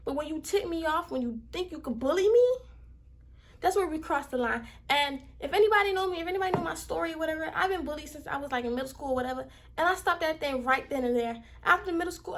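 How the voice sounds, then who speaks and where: A young woman from Miami with a Southern accent, telling a workplace story in a casual, heated, animated way. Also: high-pitched. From Miami, Florida. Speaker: vlogger.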